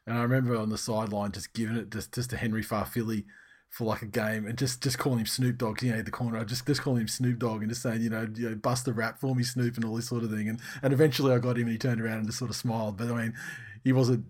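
A man's voice: medium pitch, little pitch movement, fast, a little mellow. A man hosting a casual sports podcast, talking loosely and reading out team news. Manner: loose and chatty, swears, reads out team news. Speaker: podcast host.

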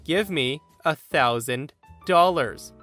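A man's voice: fairly high pitch, takes it slowly, a bit bright, soft background music. A man voicing a rude, demanding woman in her forties who speaks curtly and pushily in a story podcast. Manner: pushy and curt.

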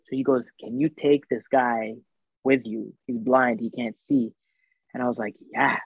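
A man telling a story in casual chat, animated, acting out the voices of the people in it, with lots of fillers. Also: medium pitch, normal speed, creaky, slightly rough, no echo. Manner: animated, acts out quoted voices, filler-heavy. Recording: tinny phone-like sound.

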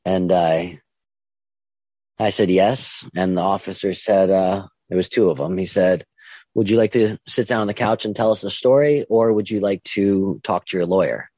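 A young man telling his own story casually, halting with many ums and restarts and acting out what others said. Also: low-pitched, dark tone, no echo. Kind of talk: casual first-person storytelling.

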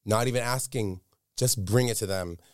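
This is a man with a low voice, speaking as the guest in an interview. He tells a candid personal story with earnest emphasis and often repeats words to drive a point home. The sound is dry and close, with no room around it. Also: moderate pace, no echo.

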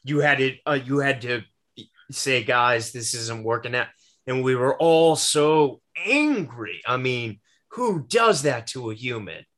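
A man's voice: medium pitch, sing-song, a little slow, a bit bright. A man hosting a casual interview chat, supportively prompting his guest with facts.

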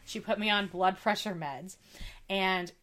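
A woman's voice: mid-range voice, unhurried. A young woman co-hosting a podcast, telling a personal story in casual chat and acting out the other people in it. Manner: animated storytelling, acts out quoted dialogue. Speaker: podcast co-host.

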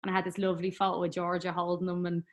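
A woman's voice: lowish voice, monotone, rapid-fire. A young woman with an Irish accent recounts her story as an interview guest in an easy, chatty way. Her talk runs on with fillers, and she breaks into laughter often.

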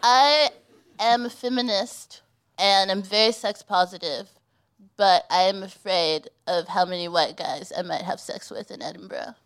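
A woman co-hosting a live comedy podcast on stage, telling stories in an animated, giggly way. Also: mid-range voice, a little slow. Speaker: co-host. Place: live stage before an audience.

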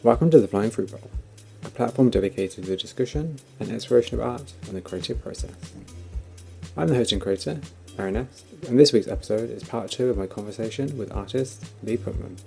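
A British man introducing his art podcast episode in a measured, announcing manner. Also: medium pitch, creaky, dark tone, faint music behind. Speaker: podcast host. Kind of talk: scripted show introduction.

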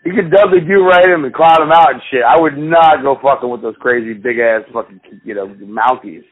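Over tinny, phone-quality audio, a podcast co-host speaks fairly quickly in a medium-pitched voice. He rambles through profanity-laced stories among friends in an easygoing conversation.

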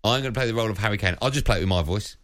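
A man's voice: lowish voice, racing, dry recording. A man hosting a sports radio show and podcast, chatty and jokey.

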